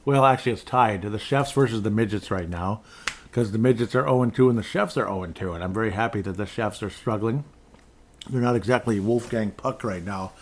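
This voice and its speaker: A man with a fairly low voice hosts a solo podcast from his desk. He rambles through scores as he reads them aloud and drops dry, sarcastic remarks along the way. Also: brisk, a little hiss or hum. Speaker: podcast host. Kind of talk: casual solo sports talk. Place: indoors at a desk in front of a screen.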